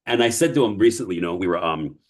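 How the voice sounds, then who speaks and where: A man's voice: low-pitched, fast talker. A man with a Chicago accent, a guest in an interview who tells stories and acts out what others said. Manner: animated storyteller who acts out others' words. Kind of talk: casual interview storytelling.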